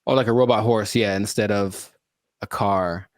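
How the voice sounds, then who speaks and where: A man's voice: on the low side, steady tone, normal speed, no echo, studio quality. A man co-hosting a podcast in casual chat, rambling and self-deprecating, laughing often at himself. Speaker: podcast co-host.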